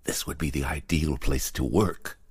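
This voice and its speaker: A man narrating a horror story in a measured, expressive storytelling voice. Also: rumbling low, husky, no echo, clean studio sound.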